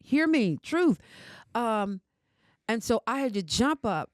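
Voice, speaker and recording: Older lady, talks emphatic and forceful, dry close sound. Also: a little high, sing-song, slow pace, no room sound. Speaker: podcast guest. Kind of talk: emotional casual conversation.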